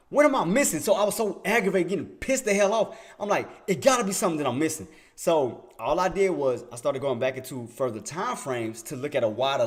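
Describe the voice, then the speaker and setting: Emphatic man talking through trading charts. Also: medium pitch. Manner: emphatic, repeats himself, asks rhetorical questions. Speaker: day trader streaming market commentary. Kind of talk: casual screen-share commentary.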